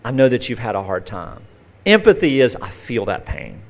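A man's voice: fairly low pitch, moderate pace, a little mellow. A male pastor preaching a conversational sermon, telling folksy stories with vivid acted-out asides.

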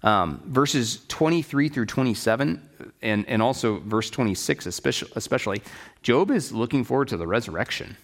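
A man's voice: mid-range voice, lively intonation, normal speed. Male Bible teacher, casual lecture delivery, plain paraphrase, frequent check-ins with the class. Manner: conversational, checks in with "right?" and "okay?"; explains in plain paraphrase with restarts.

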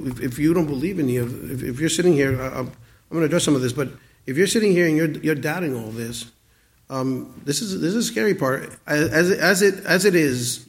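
Earnest stammering preacher man in his forties. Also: fairly high pitch. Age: 40s. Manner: earnest, stammering restarts, swings from loud to quiet. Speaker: pastor. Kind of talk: sermon.

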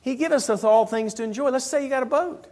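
Man, preacher, sermon, high voice, animated, jokey asides. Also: quick pace. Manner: animated, joking, swings between loud emphasis and quiet asides. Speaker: pastor. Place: church.

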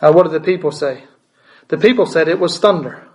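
A man's voice: fairly high pitch, fairly quick, poor audio. A man preaching a sermon as pastor, asking the congregation questions and repeating words for emphasis.

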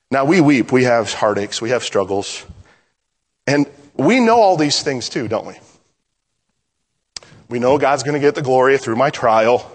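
Middle-aged guy pastor preaching, chatty then quiet, long reverb like a big church hall. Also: medium pitch. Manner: conversational preaching, swings from lively to hushed. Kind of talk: sermon.

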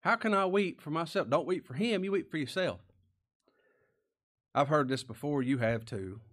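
A man preaching a sermon as pastor, folksy and plain-spoken, asking rhetorical questions and sometimes dropping to a hush. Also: fairly high pitch, expressive, normal speed.

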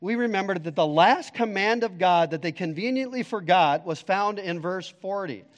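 Emphatic preacher in a reverberant hall. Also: male voice, high voice, expressive, normal speed. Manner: emphatic preaching, swinging between loud and hushed. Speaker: pastor. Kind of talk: sermon.

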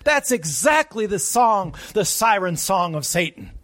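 A man preaching a sermon, moving between urgent raised passages and quiet, hushed ones. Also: sits high, sing-song, a little slow, few pauses. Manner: preaching with sharp swings from loud urgent peaks to hushed tones.

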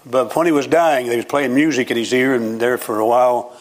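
A man's voice: medium pitch, steady tone, brisk. An older male preacher delivering a sermon in a folksy, storytelling way. He tells homespun jokes and climbs to emphatic points. His voice sits in an ordinary middle range. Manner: folksy, joking storytelling with rising emphatic lines.

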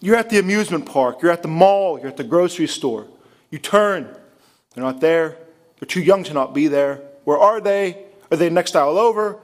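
A man's voice: on the high side, lively intonation, moderate pace. A man preaching a sermon in a church, impassioned and full of rhetorical questions. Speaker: pastor.

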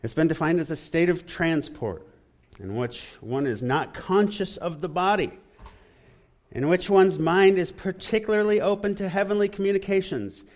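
A man preaching an expository sermon in an animated, engaging way, often asking the congregation questions. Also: sits high, normal speed.

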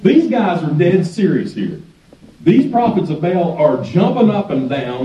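A man's voice: high-pitched, big pitch swings, moderate pace. A man preaching as a guest pastor in a church, telling the story in a folksy way and often chuckling. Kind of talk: sermon. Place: church sanctuary. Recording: echoey sanctuary, distant dull mic.

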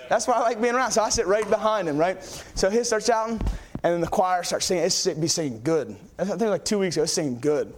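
In a church, a young preacher with a distinctly high voice delivers his sermon. He rambles excitedly through his stories, full of fillers and restarts.

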